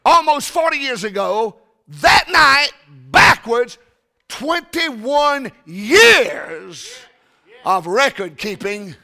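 An older man preaching a sermon, telling stories and often breaking into shouts. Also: very high-pitched, lively intonation, slow pace, creaky. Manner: folksy, shouting and storytelling.

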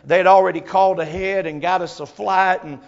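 A man preaching a sermon, telling a personal story, moving from hushed tones to crying out. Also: high voice, steady tone, normal speed, gravelly, highs cut off. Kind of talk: emotional Southern sermon storytelling.

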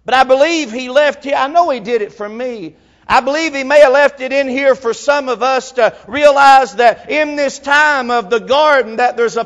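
A man preaching a sermon, telling a personal story, moving from hushed tones to crying out. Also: very high voice, dull audio. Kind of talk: emotional Southern sermon storytelling.

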